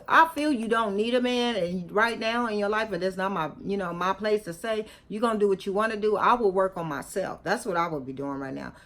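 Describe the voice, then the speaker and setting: A woman talks straight to her viewers in a casual reaction vlog. She lectures and scolds, repeating her points for emphasis in loose, slangy speech. Her voice sits at a medium pitch. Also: fairly bright tone. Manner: casual slangy talk, chewing gum. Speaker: vlogger reacting to a video.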